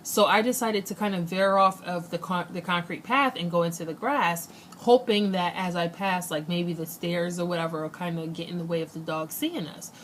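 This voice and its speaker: A young woman with a fairly low voice tells a personal story straight to the camera in a loose, chatty way. She throws herself into the retelling and acts out the lines people said. A faint hum of noise sits behind her. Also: moderate pace, few pauses. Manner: animated retelling, acts out quotes. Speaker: vlogger. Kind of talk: casual storytelling.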